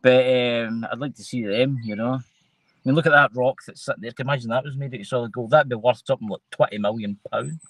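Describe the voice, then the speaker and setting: A Scottish man hosts a loose, casual chat show and rambles from one point to the next, often trailing off mid-sentence. His voice is bright and forward, and it sits dry and close to the mic. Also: medium pitch, quick pace, no echo, poor audio. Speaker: host.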